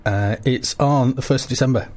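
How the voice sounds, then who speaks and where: A man's voice: medium pitch, normal speed, darkish tone. A man hosting a radio show in a studio, chatting and reading community announcements in a rambling, hesitant way. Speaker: radio host. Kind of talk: casual radio chat with announcements.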